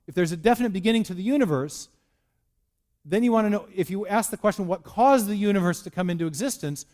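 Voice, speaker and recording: High-voiced man giving a lecture. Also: fast talker, darkish tone. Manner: explanatory, frequent restarts and repeated words. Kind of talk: public lecture.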